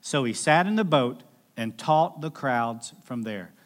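A man preaching a sermon as a pastor, telling a scripture story with lively acted-out voices. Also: medium pitch, unhurried.

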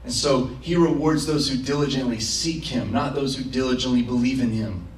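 A man's voice: medium pitch, normal speed, a little hiss or hum. A man preaching a sermon as pastor, passionate and acting out prayers and imagined quotes, recorded in a church. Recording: roomy, from a distance.

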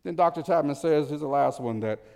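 A male pastor preaching a sermon in a church, animated, swinging between loud emphasis and soft low asides. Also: a little fast, vocal fry. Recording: reverberant church hall.

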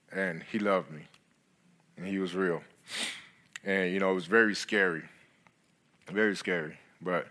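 Middle-aged male guest speaker, lower voice, earnest halting sermon testimony. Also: fairly bright tone. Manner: halting, earnest storytelling with many restarts.

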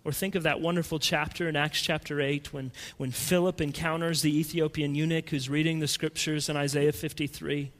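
A man preaching a sermon in a dramatic, emphatic way, swinging between loud and hushed. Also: fairly high pitch, flat delivery, a little fast, few pauses, big-room sound.

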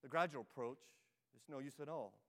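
A preacher voicing a firm flaming angel. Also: male voice, medium pitch, a little fast, fairly bright tone, voice pushed down, lightly acted. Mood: resolute. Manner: short, firm, insistent questions. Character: towering, bright flaming male angel, resolute. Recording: long hall reverb.

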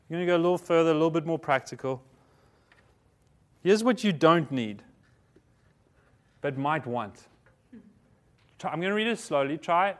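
Conversational man preaching, slightly high voice. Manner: conversational preaching, asks the congregation questions; self-correcting, repeats words. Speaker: pastor. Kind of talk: sermon.

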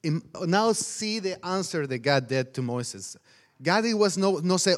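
Mexican Spanish-accented male pastor with a high voice, preaching with energy in broken English. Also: expressive, measured pace. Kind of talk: sermon.

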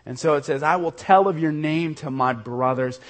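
A male pastor preaching a sermon earnestly, swinging from loud emphasis to soft, intimate lows. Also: moderate pace.

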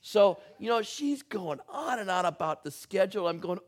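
A middle-aged man preaching a sermon, telling a funny personal story with animated, humorous delivery. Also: high-pitched, moderate pace, hardly any pauses. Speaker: pastor.

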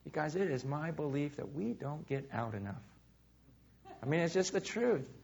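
A man preaching a sermon to a congregation, swinging between loud emphasis and hushed, quiet asides. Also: a little high, lively intonation, moderate pace, vocal fry, a little hiss or hum. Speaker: pastor. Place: room with a live congregation.

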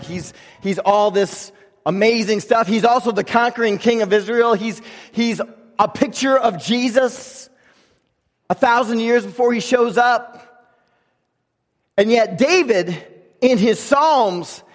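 High-voiced preacher in an echoing hall. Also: male voice. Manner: impassioned, sometimes shouting, dropping to a hush. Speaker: pastor. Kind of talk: sermon.

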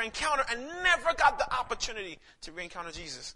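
Pastor from Saint Lucia, high ringing voice, preaches hard then tells stories soft. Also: male voice, very animated, fast talker, hardly any pauses. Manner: impassioned preaching that swells to near-shouts, then drops soft for storytelling. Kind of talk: sermon with personal storytelling.

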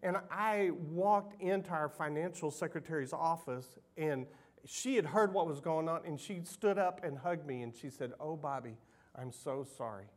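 A man's voice: a little high, normal speed. A middle-aged man, preaching a sermon as pastor in an emotional, conversational storytelling way.

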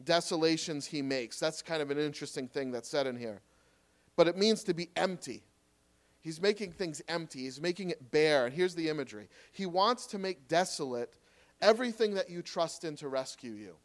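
Male pastor, slightly high voice, earnest pleading sermon delivery, loud urging dropping to quiet reassurance. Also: expressive, moderate pace.

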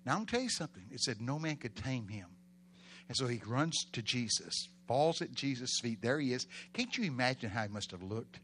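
A man preaching a sermon in a dramatic way, swinging between loud exclamations and hushed storytelling and drawing answers from the congregation. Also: mid-range voice, big pitch swings, quick pace, few pauses, slight background noise. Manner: call-and-response with congregation.

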